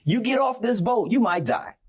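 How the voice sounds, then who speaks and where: A man retelling a Bible story in a casual faith discussion, animated and acting out the scenes. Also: very high-pitched, normal speed, breathy edge.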